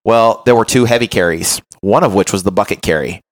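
A man hosting a podcast as a run coach, telling an animated, self-mocking story in casual chat and often checking in with "right?". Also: fairly low pitch, brisk.

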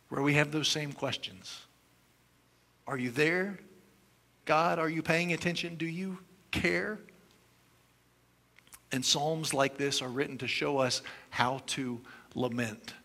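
A man delivering a sermon with a bright, ringing voice that sits a little high. He reads scripture in hushed, drawn-out tones, then breaks into forceful exclamations. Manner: expressive preaching, swings between hushed reading and forceful exclamation. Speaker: pastor.

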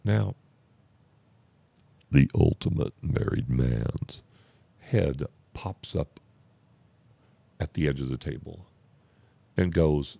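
A man telling a comic anecdote in a drawn-out, deadpan way, often stopping to correct himself. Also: rumbling low, gravelly, breathy edge, no echo. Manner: drawn-out, deadpan delivery with self-interruptions. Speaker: comic storyteller.

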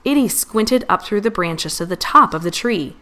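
Animated woman reading a children's story. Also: mid-range voice, moderate pace. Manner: expressive, animated. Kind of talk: children's storybook read-aloud.

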